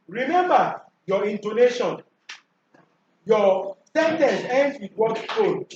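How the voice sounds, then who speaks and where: A high-voiced man leads a classroom revision lesson, quizzing his students and repeating questions back at them. He is heard from a distance in an echoey room. The recording sounds dull and lo-fi. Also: expressive, slow, a little mellow, a little hiss or hum. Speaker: teacher. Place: school classroom.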